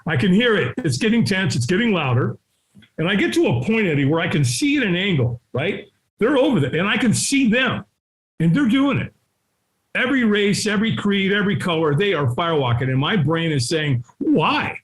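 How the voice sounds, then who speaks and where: A middle-aged man telling a story as an interview guest, acting out the voices of people in it and sometimes shouting. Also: sits high, lively intonation, a little fast. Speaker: guest, firewalking instructor. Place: his home.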